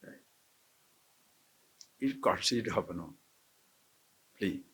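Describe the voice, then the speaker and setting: An Indian swami addresses a camp audience in an ashram lecture hall, teaching scripture, questioning the crowd and chuckling a lot. His voice is lowish, husky and a bit bright, with lively intonation and drawn-out words.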